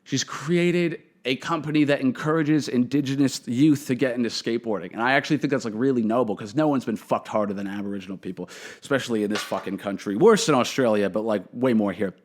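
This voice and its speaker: A man's voice: mid-range voice, fast. Profane man telling a story. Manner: profane, rambling, full of fillers. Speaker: comedian host. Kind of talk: casual storytelling monologue.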